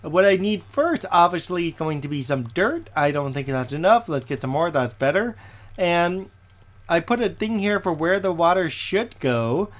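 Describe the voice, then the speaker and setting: A man with a somewhat high voice that is slightly hoarse from a lingering cough. He rambles casually while he plays, narrating what he is doing. He keeps checking in with listeners through "okay?" tag questions. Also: sing-song, normal speed. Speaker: Minecraft let's player. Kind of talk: casual gameplay commentary.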